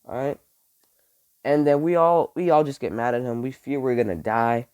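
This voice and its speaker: A young man vlogging, telling a school story in a casual, animated way, swearing and saying "like" a lot. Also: medium pitch, moderate pace, clear, resonant tone. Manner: animated, swears, heavy use of "like".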